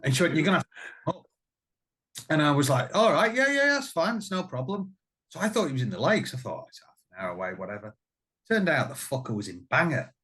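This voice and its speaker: A middle-aged man tells a story in casual chat. He acts out voices and swears freely, and his pitch sits in a middling range. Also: lively intonation, quick pace, fairly bright tone. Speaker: band musician, guest.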